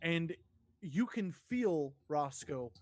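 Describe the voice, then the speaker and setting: A man narrating as dungeon master in a tabletop game, describing scenes haltingly with many fillers. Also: fairly high pitch, expressive, darkish tone, no room sound, studio quality.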